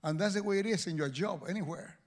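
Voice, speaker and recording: A man preaching a sermon as pastor, animated and joking with the congregation. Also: high voice, fast talker.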